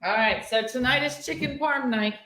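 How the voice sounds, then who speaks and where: A woman's voice: high-pitched, normal speed, slight background noise. A woman hosting a casual morning chat show, telling stories and acting out what people said. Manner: animated storytelling, acting out quoted people. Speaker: host.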